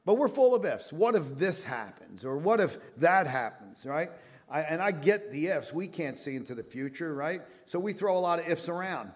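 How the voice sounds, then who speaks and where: A man's voice: fairly high pitch, very animated, normal speed. A middle-aged male pastor preaching a sermon in an earnest, conversational way, with frequent fillers and restarts.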